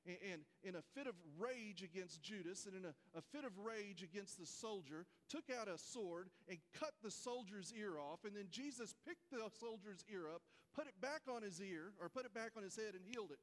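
A man's voice: sits high, lively intonation, moderate pace, few pauses, in a large hall. A man preaching a folksy sermon, speaking straight to his congregation. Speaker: pastor. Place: church sanctuary.

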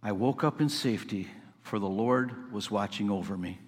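A male pastor delivering a sermon, building from calm explanation to fervent emphasis. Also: lowish voice, moderate pace. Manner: preaching, rising to fervent emphasis. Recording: long hall reverb.

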